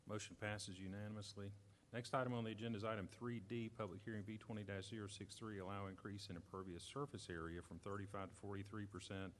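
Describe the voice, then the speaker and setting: Man, deep voice, fast clipped chairman reading the agenda, faint gym ambience. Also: fairly even intonation, a little hiss or hum. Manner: brisk, routine parliamentary phrasing. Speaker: board chairman. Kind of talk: formal meeting procedure. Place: community center gym.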